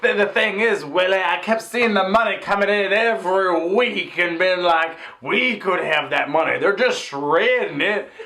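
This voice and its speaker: A woman co-hosting a movie podcast, playful and quick to laugh in casual chat. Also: lowish voice, a bit bright.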